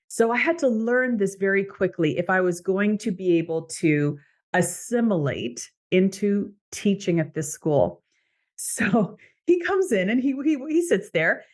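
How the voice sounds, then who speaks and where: A middle-aged Canadian woman hosting a podcast, telling a personal story in a conversational way and quoting other people. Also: medium pitch. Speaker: podcast host, coach. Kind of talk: podcast monologue.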